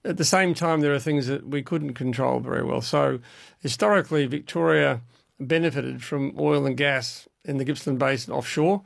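A man, an expert guest calmly explaining energy issues on call-in radio, with frequent restarts. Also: medium pitch, normal speed, gravelly, dry recording, studio quality.

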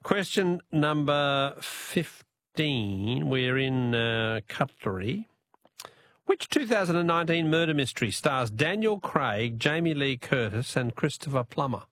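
Chatty Australian radio host. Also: male voice, medium pitch, lively intonation, a little slow, fairly bright tone. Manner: chatty, laughs easily, jokes with callers. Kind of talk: talkback radio quiz.

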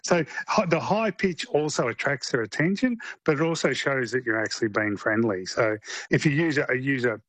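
A man with a deep voice, a guest expert explaining things chattily on radio, with lots of restarts. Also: animated, moderate pace, a bit bright, dry recording. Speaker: guest neuroscientist. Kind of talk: radio interview.

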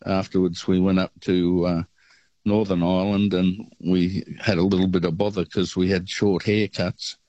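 An older Australian man phones in to a radio show and rambles easily through a story. His voice is very low. The line sounds dull and lo-fi. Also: little pitch movement, moderate pace, dark tone, no echo. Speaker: caller. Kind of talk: phone-in chat, telling a travel story.

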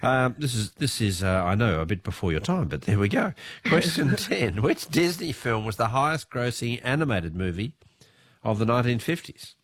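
A man's voice: mid-range voice, very animated, normal speed, dry recording, studio quality. A man with an Australian accent hosting a talkback radio quiz, joking with callers, and he has a cold. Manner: jokey, chatty, laughs often. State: has a cold, voice lower than usual.

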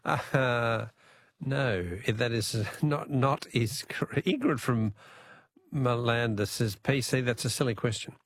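A man's voice: medium pitch, slow pace. A man with an Australian accent hosting a radio quiz, chatty and jokey, laughing often. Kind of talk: casual radio talkback.

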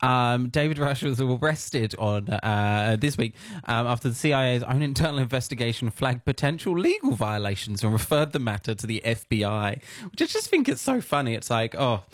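A man's voice: medium pitch, sing-song, moderate pace, no echo, clean studio sound. Chatty Australian man co-host. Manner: chatty, laughing, puts on voices for quotes. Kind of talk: casual chat show banter.

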